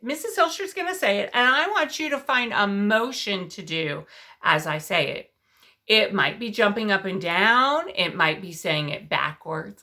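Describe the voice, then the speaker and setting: A woman teaching preschoolers a Bible story and verse, speaking directly to the children in a sing-song, coaxing way and often dropping to a soft hush. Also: mid-range voice. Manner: drops to a soft hush for emphasis.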